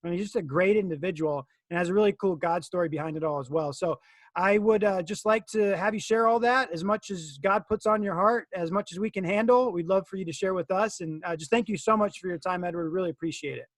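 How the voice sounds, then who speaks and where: A man's voice: high voice, fast, no echo. A man hosting a casual interview podcast, introducing his guest in a rambling, friendly way with many fillers. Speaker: podcast host.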